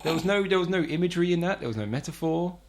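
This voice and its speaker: Fast-talking man hosting a podcast. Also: a little high, animated, gravelly. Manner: jokey, teasing, wraps up with sign-off plugs. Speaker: podcast host. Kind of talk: casual group chat about video games.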